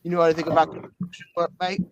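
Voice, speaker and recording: A man's voice: a little high, flat delivery, racing, highs cut off, lightly acted. A man voicing a crude male spirit trapped in a book, with a put-on Australian accent. He swears a lot and calls everyone mate. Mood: rambling. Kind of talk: tabletop game character voice.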